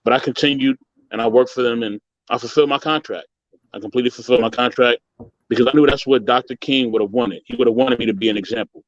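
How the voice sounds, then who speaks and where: A man on a video call earnestly recounting a hurtful experience, emotional and halting, often saying "you know". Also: mid-range voice, dry recording, dull audio. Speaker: guest sharing a story. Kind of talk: personal story on a video call.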